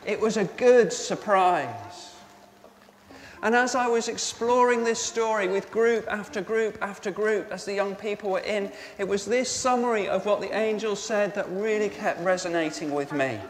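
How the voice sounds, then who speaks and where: A male pastor with a high voice preaches an Easter sermon to all ages at normal speed. Faint noise and heavy church reverb surround him as he asks the congregation questions and repeats what they answer.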